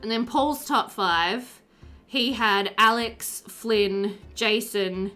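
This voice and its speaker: A young woman streamer speaks extremely slowly in a medium-pitched voice that sounds pushed and bright, with faint music behind her. She chats casually with viewers, giggling often and reading their messages aloud.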